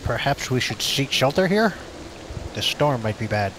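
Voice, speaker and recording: A man speaks in character for a tabletop game with formal, measured phrasing and an ordinary pitch. Light rain sounds faintly behind him. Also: very animated, a bit bright, a little hiss or hum, poor audio. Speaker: player.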